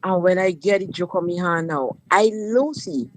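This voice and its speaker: A woman's voice: on the low side, moderate pace, a little hiss or hum. A woman tells a personal story on a talk show, speaking emphatically and turning often to the listener. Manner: emphatic dialect storytelling, addresses listener directly. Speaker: guest sharing personal story.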